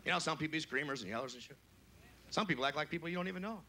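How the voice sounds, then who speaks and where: A man working a club stage with a brash, crude stand-up routine, his voice sitting fairly high. He shouts his punchlines in squeaky put-on voices. The recording carries a steady layer of noise. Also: racing. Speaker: stand-up comedian. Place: club stage before a live audience.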